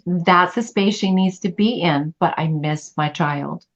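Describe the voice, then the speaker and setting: A woman's voice: on the low side, unhurried, highs cut off. A middle-aged woman in a group chat, speaking earnestly and openly about her feelings. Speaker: study group member. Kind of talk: casual group chat on a call.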